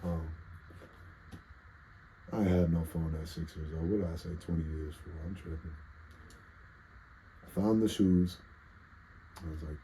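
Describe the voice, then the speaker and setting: A man's voice: low voice, steady tone, normal speed, pauses often, dark tone, a little hiss or hum, low-quality recording. A congested man with a nasal voice, telling a rambling, profane story in a casual monologue. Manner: rambling, profane, self-interrupting. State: congested with allergies. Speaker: vlogger telling stories.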